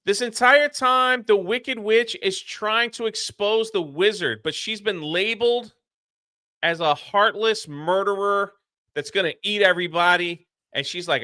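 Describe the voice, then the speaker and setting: Guy recapping a movie plot on a review show, bright tone, dry mic, talks out the characters' lines. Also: sits high, moderate pace, no echo. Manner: animated plot retelling with acted-out quotes. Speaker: podcast co-host. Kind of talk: casual movie review chat.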